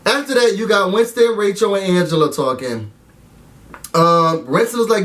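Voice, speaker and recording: A man giving a casual, animated recap and review of a TV episode, talking straight to his viewers. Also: sits high, moderate pace, distant mic. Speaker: TV recap vlogger.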